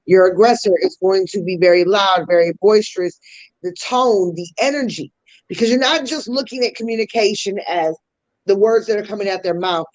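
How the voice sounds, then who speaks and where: A woman's voice: medium pitch, normal speed, darkish tone, dull audio. A woman hosting a podcast, explaining communication styles in a teaching tone with casual slang asides. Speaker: podcast host.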